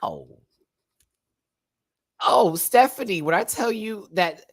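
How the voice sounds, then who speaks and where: A man hosting a live review stream in a campy, expressive, chatty manner, laughing often. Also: sits high, takes it slowly, long pauses, slightly rough, dry recording. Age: adult, remembers childhood. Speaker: host reviewing a TV competition. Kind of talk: live-stream commentary chat.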